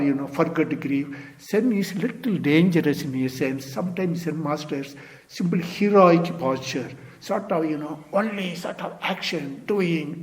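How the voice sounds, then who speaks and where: Male Zen teacher, slightly high voice, unhurried dharma talk peppered with "you see" and soft trailing endings. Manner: fills with "you see" and "sort of", repeats phrases; drops to near-whisper at phrase ends.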